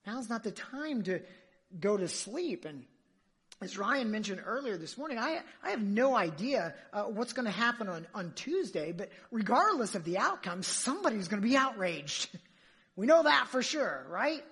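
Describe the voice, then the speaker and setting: A woman's voice: mid-range voice, big pitch swings, moderate pace, fairly bright tone, husky. A woman preacher giving an emphatic sermon, full of rhetorical questions to her listeners.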